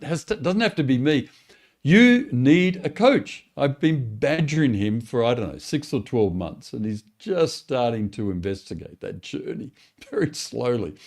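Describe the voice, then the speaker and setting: A man's voice: fairly low pitch, a little mellow. A man coaching pastors in a webinar, talking in an encouraging, conversational way. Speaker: church growth coach. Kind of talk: teaching webinar talk.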